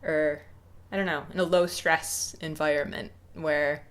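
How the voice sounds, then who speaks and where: Low-voiced hesitant young woman. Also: steady tone, measured pace. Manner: hesitant, many ums and restarts, reflective. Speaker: YouTuber. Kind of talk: casual unscripted talk to camera.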